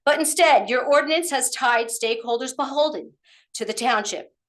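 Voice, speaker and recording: A woman's voice: high voice, normal speed, fairly bright tone. A woman, out of breath, giving a pointed public comment at a township meeting and firing off rhetorical questions. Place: council meeting room.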